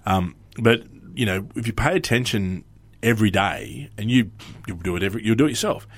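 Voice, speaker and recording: Australian man in his forties, very low voice, rambling podcast chat, acts out quotes. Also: brisk, slightly rough, no room sound. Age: 40s. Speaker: podcast host. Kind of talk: casual chat.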